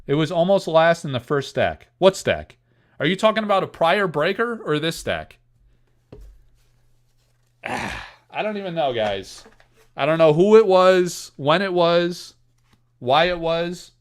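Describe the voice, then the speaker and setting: A young man hosting a live pack-opening stream, talking straight to chat in a loose, excitable way. His voice is a bit higher than most men's and swings widely in pitch, jumping up and dropping low as he jokes at his own expense. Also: takes it slowly, long pauses. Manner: excitable, self-mocking, talks straight to chat.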